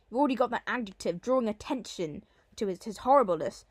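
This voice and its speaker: A woman teacher working through a Latin poem line by line, explaining the devices and slowing down to read the translated lines with emphasis. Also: fairly high pitch, lively intonation, a little mellow, slightly rough, no room sound, studio quality. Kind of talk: Latin poetry lesson, line-by-line analysis.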